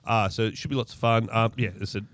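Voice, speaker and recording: A man co-hosting a podcast, chatting in a relaxed way with small restarts. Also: fairly low pitch, fast talker, dry recording. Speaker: podcast co-host. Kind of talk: casual chat.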